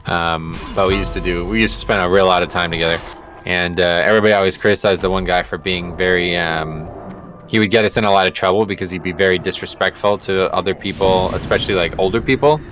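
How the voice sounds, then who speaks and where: A man with a fairly low voice chats casually on a game stream, telling a long story. He rambles, fills pauses with fillers and swears freely. Faint music plays behind him. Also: steady tone, a bit bright. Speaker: livestreaming gamer. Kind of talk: casual storytelling chat while gaming.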